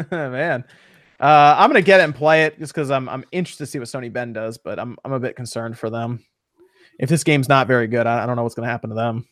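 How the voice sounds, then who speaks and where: A man's voice: mid-range voice, fairly even intonation, fairly bright tone, no echo, clean studio sound. A man hosting a casual gaming talk show, reading out viewer messages and giving his opinions. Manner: quick, upbeat, reads out chat questions.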